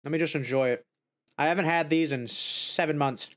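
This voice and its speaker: A man streaming a casual snack tasting, excitable, jumping to high squeals of joy and dismay, then murmuring while he savors. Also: moderate pace.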